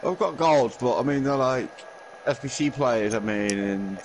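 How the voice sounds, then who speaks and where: A man's voice: medium pitch, animated, measured pace, a little hiss or hum, poor audio. A man with a Liverpool accent chatting casually over a game, asking dry, teasing questions. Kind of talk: casual gaming chat.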